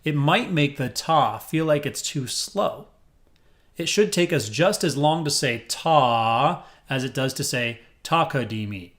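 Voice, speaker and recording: A little high-pitched and a bit bright, this male music teacher sounds animated yet unhurried as he counts rhythms aloud for his students. He's wearing headphones. He comes across as upbeat, a touch corny, and encouraging.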